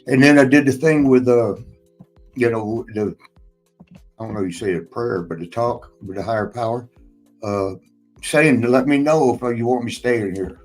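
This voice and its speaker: A man's voice: mid-range voice, normal speed, faint music behind, rough recording. Rambling, cussing man telling stories. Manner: rambling, swears and laughs often. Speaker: podcast host and former wrestler. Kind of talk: casual storytelling chat.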